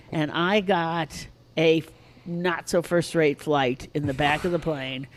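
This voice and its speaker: A woman in her sixties telling animated stories on a podcast, casually swearing and acting out a child's shrieks. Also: low-pitched, slow, a little hiss or hum. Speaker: guest storyteller.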